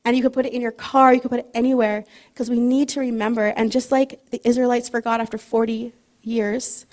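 A middle-aged woman giving a casual, chatty sermon, joking at her own expense and reading scripture slowly. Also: a little high, flat delivery, a little mellow. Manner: chatty and self-deprecating, laughs often, reads scripture slowly. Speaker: preacher.

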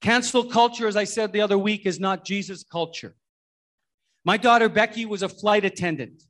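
Halting, storytelling male pastor. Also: high-pitched, fairly bright tone. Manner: halting, repeats words and restarts often; folksy, storytelling. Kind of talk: sermon.

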